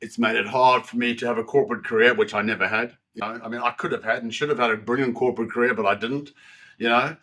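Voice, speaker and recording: Aussie guy in his 60s, bright edgy voice, blunt and animated, swears a lot, self-deprecating. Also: mid-range voice, fast talker. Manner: frank, animated, swears freely, frequent self-deprecating asides. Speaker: guest. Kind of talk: candid conversational storytelling.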